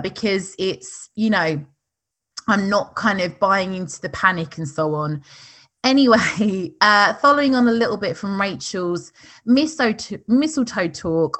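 Woman, podcast co-host, casual chat, chatty, laughs often, medium pitch. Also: fairly bright tone. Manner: chatty, laughing, many fillers.

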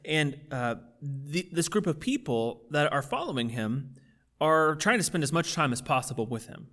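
A man's voice: fairly high pitch, fairly bright tone. A man preaching a casual, conversational sermon with plenty of fillers, building in intensity as he goes. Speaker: pastor.

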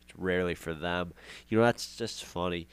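Smooth low-voiced man rambling sarcastically. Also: moderate pace. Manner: rambling, sarcastic, repeats himself for effect. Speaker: podcast host. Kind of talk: casual monologue.

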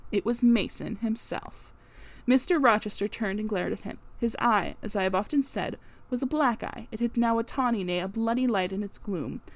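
Woman narrating a classic novel. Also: medium pitch. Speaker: audiobook narrator. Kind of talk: scripted narration.

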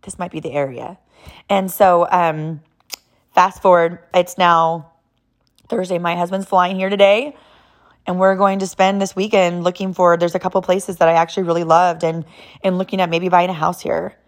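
A woman's voice: lowish voice, little pitch movement, normal speed. A woman in her thirties from Southern California speaks candidly about her faith in a personal talk. Her delivery is emotional and rambling, full of restarts as she works through her thoughts. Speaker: vlogger sharing a personal story.

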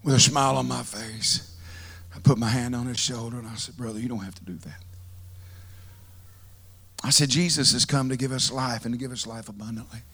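Man preacher, earnest storyteller, bright ringing tone, mid-pitched, heartfelt. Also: steady tone, brisk, vocal fry. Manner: earnest, heartfelt, conversational with repeated phrases. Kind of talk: storytelling sermon. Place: church in front of a congregation.

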